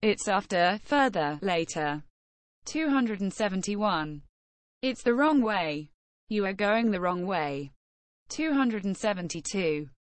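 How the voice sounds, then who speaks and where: Female lesson reader: very slow, precise enunciation, dry close recording. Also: medium pitch, lively intonation, no room sound. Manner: measured, carefully enunciated phrase-by-phrase reading. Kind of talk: reading numbered practice phrases.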